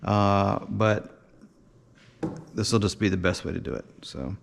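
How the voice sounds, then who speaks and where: With slight background noise, a man in a workshop gives a casual show-and-tell of his model build. He talks a little slowly in a fairly low, gravelly voice, rambling with fillers and restarts.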